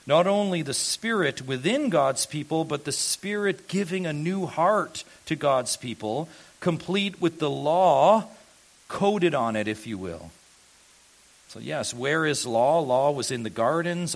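Delivering an expository sermon, a man in the pulpit poses rhetorical questions to his congregation, his voice swelling loudly at key moments before falling quiet and gentle.

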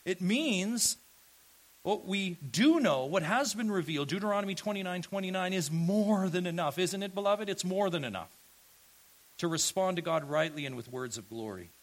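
Earnest preaching man, fairly high voice. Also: expressive, moderate pace, rough recording. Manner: earnest preaching with rhetorical questions, rising to emphatic calls. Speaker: pastor. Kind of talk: sermon.

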